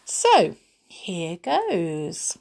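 Lively woman reading stories. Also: lowish voice, very slow, gravelly. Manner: chatty and lively, asking the listener questions. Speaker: storyteller. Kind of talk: reading a children's story aloud.

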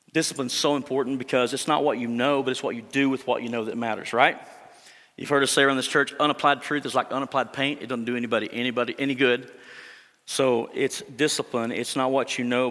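A male pastor delivers a sermon in an earnest, conversational way, often pausing on fillers and restarting his sentences. His voice sits at an ordinary middle pitch. The sound carries a long reverb from a church hall. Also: a bit bright.

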